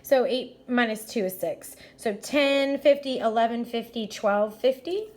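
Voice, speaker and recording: A woman teacher talks through math problems out loud, one step at a time. Her voice sits fairly high, and her manner is upbeat and encouraging as she praises her listeners. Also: a little slow. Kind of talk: math lesson walkthrough.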